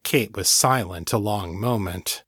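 A man narrating a fantasy novel in a calm, measured way, close to the mic. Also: lowish voice, husky, dry recording. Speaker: audiobook narrator. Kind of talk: scripted narration.

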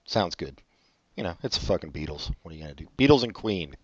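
A man co-hosting a casual podcast chat, sarcastic and teasing, often trailing off quietly. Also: sits low, animated, brisk, no echo. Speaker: podcast co-host. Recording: dull lo-fi audio.

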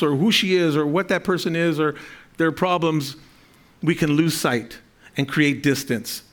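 Man preaching a sermon, slightly high voice. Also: fairly bright tone. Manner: reads scripture aloud, then explains it with frequent restarts; speaks to a congregation, asking for amens. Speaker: pastor.

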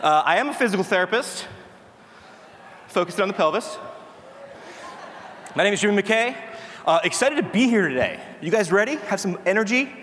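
A man's voice: high-pitched, sing-song, normal speed, pauses often, fairly bright tone. A man hosting a live keynote, telling self-deprecating jokes and a little out of breath. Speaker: host. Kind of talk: live stage comedy bit. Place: large conference hall. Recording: echoey hall with faint noise.

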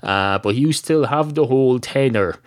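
A man's voice: mid-range voice, moderate pace, lightly acted. An Irish man voicing a cheeky, pedantic six-year-old male talking cat in a comedy story. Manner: indignant, pedantic, wordy.

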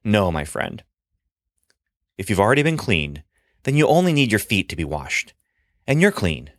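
A man voicing a calm, gentle adult male teacher in a storybook reading, speaking in a soft, measured and kind way. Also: on the low side, no echo, clean studio sound.

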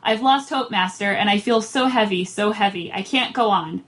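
A woman's voice: medium pitch, moderate pace, fairly bright tone, lightly acted. A woman reading aloud the lines of a weary, despairing male little horse from a storybook, in a plain voice. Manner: hopeless, pleading. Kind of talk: read-aloud storybook dialogue.

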